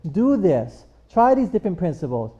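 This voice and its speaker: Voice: mid-range voice, big pitch swings, normal speed, warm tone, husky, muffled recording. A preacher delivering a sermon, repeating points and asking the congregation for amens. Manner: repetitive, rhetorical, calls for amens.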